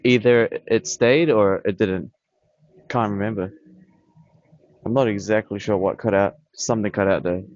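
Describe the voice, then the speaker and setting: A man with a fairly low voice rambles bluntly to his camera, dismissive and repetitive. The sound is dry and close, with dull lo-fi camera audio. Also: steady tone, moderate pace, long pauses, darkish tone, no echo. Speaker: vlogger. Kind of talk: casual rambling monologue. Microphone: camera on tripod.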